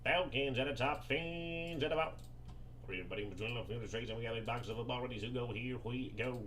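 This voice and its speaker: A man hosting a live sports card break, reading off names and teams in quick bursts and joking with viewers between pulls. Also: medium pitch, a bit bright, a little hiss or hum. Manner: rapid-fire listing of names and teams, hyped and joking.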